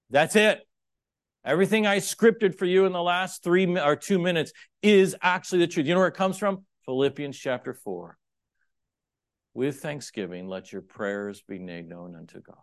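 A man preaching a sermon, conversational and confessional, with dynamic swings from emphatic peaks to near-whispers. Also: on the low side. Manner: conversational and confessional, acts out his own inner thoughts.

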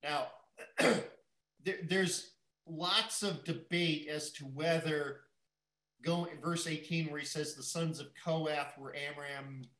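A man's voice: a little high, steady tone, takes it slowly, fairly bright tone, roomy sound, rough recording. A man teaching the Bible verse by verse, thinking aloud and often repeating his words as he goes.

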